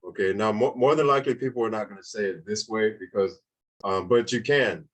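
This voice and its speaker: A man's voice: lowish voice, a little fast, low-quality recording. Casual man teaching a language class. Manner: casual, repeats key points, checks in with "okay?". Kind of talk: online class lesson.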